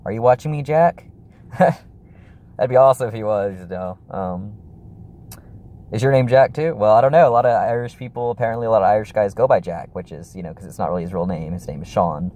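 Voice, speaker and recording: A man's voice: lowish voice, a little fast, warm tone. A young man chatting casually in a vlog, rambling and apologetic, with lots of fillers and restarts. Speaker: YouTuber.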